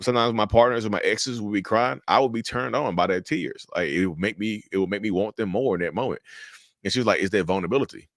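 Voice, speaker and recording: A man giving casual, animated commentary to his viewers, repeating his points and calling them y'all. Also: on the low side, dry recording, clean studio sound. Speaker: mental health commentator.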